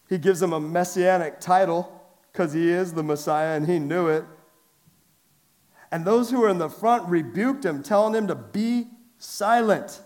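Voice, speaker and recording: Man, pastor, lively sermon, slightly high voice, conversational asides, emphatic calls to the congregation, stage mic in a large church. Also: normal speed. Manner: asks the congregation direct questions. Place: large church sanctuary with a downstairs.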